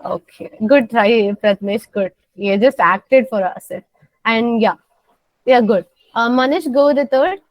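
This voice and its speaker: A woman teaching a soft skills class, coaxing her students and repeating simple phrases. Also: on the high side, measured pace, no echo, highs cut off.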